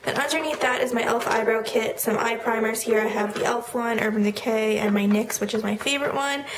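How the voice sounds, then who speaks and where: A young woman in college, casually walking through her makeup collection and listing products in a chatty way with the occasional filler. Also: on the high side. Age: young adult. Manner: chatty, lists items quickly with fillers. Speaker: beauty vlogger. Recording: echoey room with noticeable noise.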